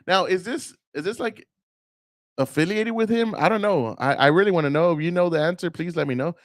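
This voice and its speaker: A man's voice: high-pitched, a little fast, no room sound, clean studio sound. Profane, rambling male commentator. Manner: profane, rambling, mocking voices of opponents. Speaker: political commentary host. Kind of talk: casual political rant.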